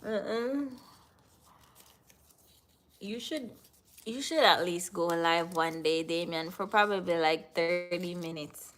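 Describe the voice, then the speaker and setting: A woman's voice: fairly low pitch, takes it slowly, long pauses, fairly bright tone, slight background noise. A Jamaican woman hosting a live stream, chatting casually and answering viewers in the chat. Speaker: livestream host.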